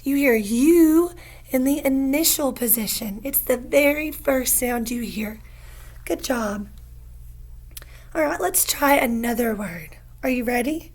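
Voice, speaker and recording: Slow, high-voiced phonics teacher woman. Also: a little mellow. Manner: slow, patient, stretches out sounds. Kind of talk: phonics lesson for young learners.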